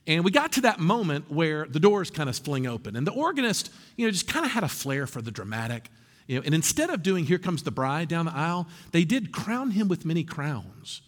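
A male preacher delivers a sermon in a church, his voice pitched a bit high and swinging widely as he tells stories and cracks asides. A long hall reverb trails every line. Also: a little fast. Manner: animated storytelling with humor and asides. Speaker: pastor. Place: church sanctuary.

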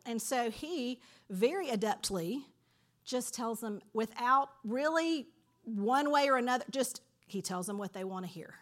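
A woman teaching from a Bible passage in a lively, conversational storytelling manner. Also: on the high side, a little slow.

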